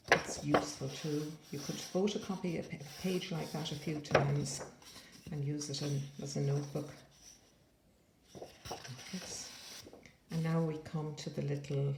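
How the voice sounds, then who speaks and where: A woman's voice: low-pitched, vocal fry, very noisy. A woman casually showing paper crafts in a chatty, rambling way with playful asides. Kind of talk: casual show-and-tell flip-through. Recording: echoey room.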